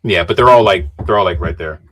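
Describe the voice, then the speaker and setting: A man's voice: low-pitched, fast talker, fairly bright tone. A man co-hosting a casual sports podcast, analytical, often restarting sentences and correcting himself politely. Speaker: podcast co-host.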